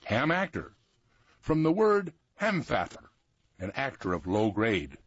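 A male co-host tells big exaggerated stories in a hearty way, and his voice rises and falls widely. His tone is a little husky. The recording is dull and dry. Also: medium pitch, wildly swooping pitch, measured pace, fairly bright tone, dry recording. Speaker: storyteller and co-host. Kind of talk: folksy tall-tale storytelling.

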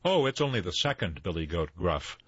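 A man's voice: deep voice, sing-song, fairly quick, a bit bright, husky, no room sound, muffled recording, full character voice. An older man as a nervous middle billy goat. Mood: pleading.

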